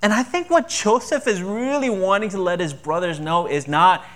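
Male pastor, slightly higher voice, chatty sermon delivery with rhetorical questions. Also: normal speed, few pauses, fairly bright tone. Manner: conversational preaching with rhetorical questions.

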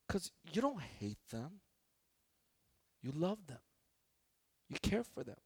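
A man preaching a sermon at a church, lively and joking, acting out quoted voices into a microphone. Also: on the high side, gravelly, slightly rough, no room sound. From Chicago, United States. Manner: animated, acts out quoted voices, joking asides. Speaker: pastor. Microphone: handheld or stand microphone.

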